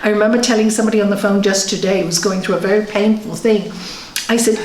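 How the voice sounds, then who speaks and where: A woman's voice: mid-range voice, a little fast, a little hiss or hum. A woman yoga teacher giving a conversational spiritual talk, telling stories and acting out what people said. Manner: conversational, animated, tells stories with acted quotes. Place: yoga centre hall. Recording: echoey room.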